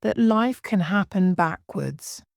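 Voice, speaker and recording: A woman's voice: medium pitch, lively intonation, slow pace, gravelly, a little mellow, no room sound, clean studio sound, pitched above the performer's own voice. A woman voicing a curious, polite young girl who asks puzzled questions.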